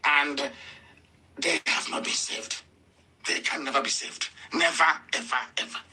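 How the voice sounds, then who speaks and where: A man's voice: a little high, fairly even intonation, measured pace, bright, forceful tone, breathy edge, rough recording. A man giving an impassioned political radio address, emphatic and mocking, hammering points home by repeating them. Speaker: radio broadcaster.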